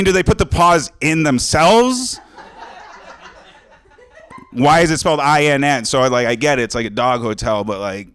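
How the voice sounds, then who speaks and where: A man's voice: fairly high pitch, a bit bright, clear, resonant tone. A man doing a crude, rambling stand-up set in a small studio, often laughing at his own jokes. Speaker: stand-up comic. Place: small cable access studio stage.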